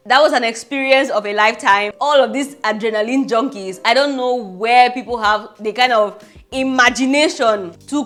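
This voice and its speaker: A young Cameroonian woman with a Cameroonian accent, telling travel stories in a casual vlog, animated and laughing as she acts out what people said. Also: a little high. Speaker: travel vlogger. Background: soft background music.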